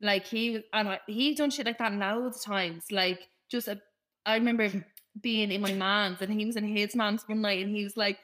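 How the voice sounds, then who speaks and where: Chatty young woman, bright voice. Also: medium pitch, normal speed. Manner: animated, swearing, laughing storyteller. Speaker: podcast co-host. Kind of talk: casual storytelling chat.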